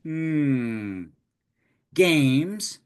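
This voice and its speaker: A man teaching storytelling for tabletop games in a loose, animated, digressive way. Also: fairly high pitch, extremely slow, clear, resonant tone. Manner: animated, digressive, conversational explaining. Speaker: game master teaching storytelling. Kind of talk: informal lesson.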